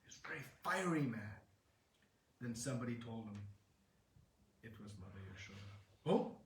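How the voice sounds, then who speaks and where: A man giving a devotional sermon, retelling a sacred story in an earnest, explanatory way with dramatic pauses. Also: medium pitch, animated. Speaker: speaker. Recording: roomy hall, distant mic.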